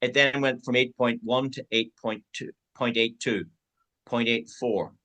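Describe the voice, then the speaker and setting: A man's voice: medium pitch, fairly even intonation, measured pace, a bit bright, poor audio. A man giving a team sales training talk, acting out both sides of example conversations.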